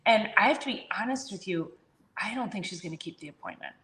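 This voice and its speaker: A woman in a casual health chat, telling a story about a patient with lively swings in her voice and acting out each side of the dialogue. The sound is roomy, with clear echo around her voice. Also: medium pitch, fast talker. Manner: animated, acts out both sides of a conversation. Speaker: chiropractor and podcast host.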